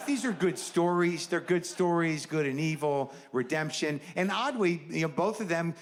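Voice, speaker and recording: A stand-up comedian with a slightly high voice performs on stage before a live audience, speaking at a moderate pace over a faint hiss or hum. He rambles and rants, tossing in sardonic asides, while faint audience laughter and ambience sit in the background.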